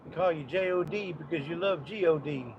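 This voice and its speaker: A man's voice: fairly high pitch, fairly quick, muffled recording, noisy background. A man co-hosting a casual live stream from a moving car, joking and bantering with his wife. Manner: joking, chatty banter while driving. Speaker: co-host.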